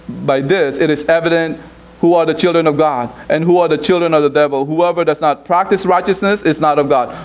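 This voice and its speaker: A man preaching a sermon as pastor, prompting the congregation to finish his lines and rising into urgent pleading. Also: poor audio. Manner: rises to high, urgent pleading.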